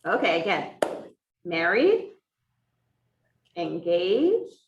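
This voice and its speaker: A woman's voice: on the low side, very animated, extremely slow, dull audio, background noise. A woman interpreting for a teacher, voicing a sign language lesson in the first person and explaining each point step by step. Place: classroom for a hybrid in-person and online class. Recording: echoey room from far off.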